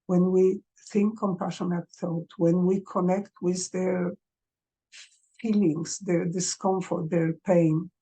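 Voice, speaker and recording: A woman gives parents gentle, earnest advice at an unhurried pace. She speaks English as a second language, in a mellow, slightly husky voice. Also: on the low side, little pitch movement. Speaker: parenting coach.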